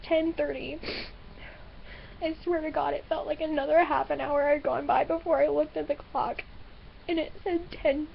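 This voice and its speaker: Teen girl sniffling and crying into her webcam, high pitched, halting, keeps repeating herself, slightly muffled. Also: little pitch movement, vocal fry, a little hiss or hum. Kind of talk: tearful webcam apology. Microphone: webcam built-in mic.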